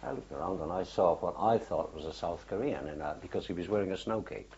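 An older man with a very low, husky voice recalls his wartime days in an oral history interview. He tells it haltingly, circling back with fillers and restarts. The recording is dull and lo-fi, like an old archive tape. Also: darkish tone. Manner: halting, unhurried storytelling with many fillers and restarts. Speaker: war veteran interviewee.

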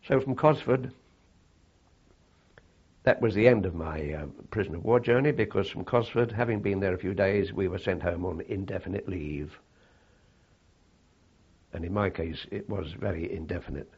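An older man recalling his wartime service in a halting, reflective way, with frequent fillers and restarts. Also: low voice, a little mellow, slightly rough, highs cut off. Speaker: interviewee. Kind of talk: oral history recollection.

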